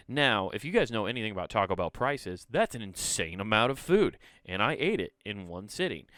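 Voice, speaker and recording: A man hosting a comedy podcast, telling a rambling, profane story and jumping into animated voices for quotes. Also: medium pitch, smooth, no room sound, studio quality. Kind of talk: casual comedic monologue.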